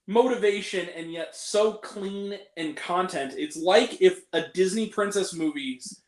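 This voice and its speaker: A man's voice: high-pitched, measured pace, echoey room. A young man hosting a casual film review chat, ranting and swearing freely as he picks apart the movies he hated. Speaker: host.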